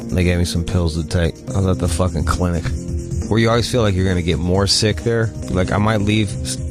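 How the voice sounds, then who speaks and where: Deep-voiced, profane, joking radio host. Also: male voice, a little fast, over music. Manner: profane, rambling and jokey. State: sick with a stomach ache. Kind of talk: crude casual radio talk.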